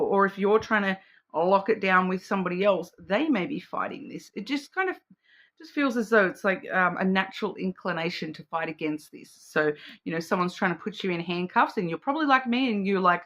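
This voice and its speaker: This is a woman doing a relaxed card reading, with a bright, clear tone. She rambles, restarts her sentences and fills gaps with ums and you-knows. Her delivery stays chatty and loose, as if she is talking to a friend. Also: mid-range voice, fairly quick, dull audio. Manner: chatty and rambling, with frequent fillers, self-restarts and laughs; acts out playful quoted voices. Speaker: card reader. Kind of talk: casual intuitive card reading to camera.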